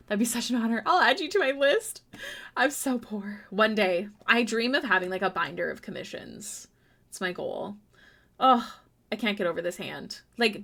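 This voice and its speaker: A young woman chatting casually with her viewers on a live art stream, self-deprecating and prone to sudden excited exclamations. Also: mid-range voice, moderate pace, creaky. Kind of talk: casual live-stream chat while drawing. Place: home room.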